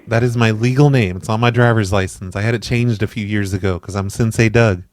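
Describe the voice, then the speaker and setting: A man, host of a prank call show, talking to apartment staff in a persistent, deadpan way while feigning offense. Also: fairly low pitch, brisk, no echo, clean studio sound.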